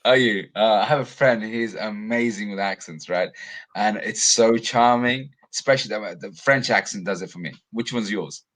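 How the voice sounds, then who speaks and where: A man's voice: lowish voice, normal speed, fairly bright tone, rough recording. A male coach, a guest on a webinar, explaining ideas earnestly on a video call and often restarting phrases.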